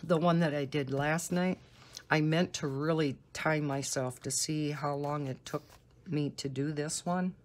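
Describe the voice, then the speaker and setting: A woman's voice: deep voice, steady tone, unhurried. A woman hosting a coloring video, chatting casually and thinking aloud as she works. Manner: thinking aloud while working. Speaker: coloring channel host. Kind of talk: casual color-along chat.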